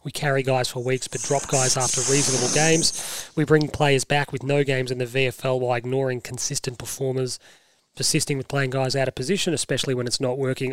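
An Australian man hosting a casual sports podcast, animated and forceful, repeating himself for emphasis. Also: medium pitch, no echo. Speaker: podcast host.

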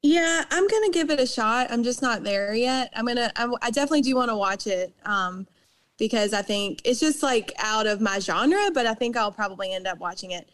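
A woman's voice: a little high, lively intonation, brisk, a bit bright. A woman who is a guest on a casual podcast chat, hesitant and self-deprecating.

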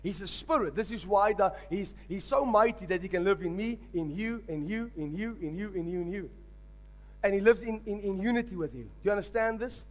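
High-voiced man preaching emphatically. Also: lively intonation, brisk. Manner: emphatic preaching with call-and-response. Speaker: pastor. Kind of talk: sermon.

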